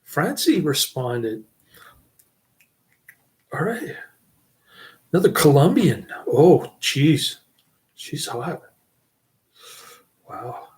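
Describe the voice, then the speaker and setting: Middle-aged guy rambling thru a channel update, slow talker, keeps chuckling. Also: on the high side, big pitch swings. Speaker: channel host.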